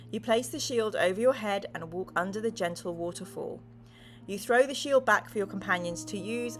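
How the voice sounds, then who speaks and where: A woman streamer reading a gamebook aloud to her live chat, playful and dramatic as she chats with viewers. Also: mid-range voice. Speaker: streamer and host. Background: music.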